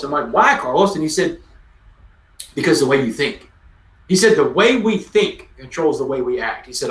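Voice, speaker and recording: A man's voice: on the high side, fairly bright tone, reverberant. Man in his forties, emphatic storyteller, video-call audio from a distance. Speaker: guest speaker. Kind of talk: conversational storytelling.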